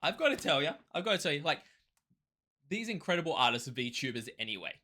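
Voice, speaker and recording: A man from Australia hosting a music reaction channel, talking in an excitable, rambling way with quick restarts. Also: a little high. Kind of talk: casual reaction commentary.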